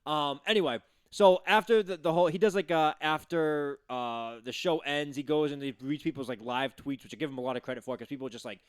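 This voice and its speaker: A man co-hosting a sports podcast tells stories at a rapid clip, blunt and profane. His voice is slightly high, and the recording is dry and close. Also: clear, resonant tone, no room sound. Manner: fast, blunt, profane storytelling. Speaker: podcast co-host. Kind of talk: casual chat. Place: studio.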